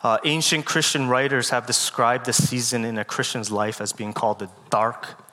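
A man giving a guest sermon, telling a personal story in an earnest, halting way with many fillers, close to tears. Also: mid-range voice, steady tone. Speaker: guest speaker. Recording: long hall reverb with loud music.

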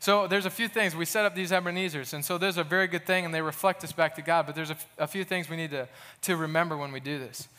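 An earnest young man preaches in a relaxed, conversational way, slipping into personal stories with frequent restarts. His voice sits a little higher than most men's. A long hall reverb trails behind his words. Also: fast talker, few pauses. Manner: earnest, casual, with restarts and storytelling. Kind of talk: sermon.

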